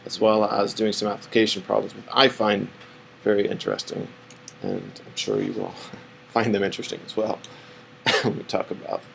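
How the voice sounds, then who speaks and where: A man with a somewhat low, gravelly voice teaching a math class. He talks casually and rambles, correcting himself as he works through graphs on the board. A faint hiss of background noise sits under the recording. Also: poor audio. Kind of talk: classroom lecture.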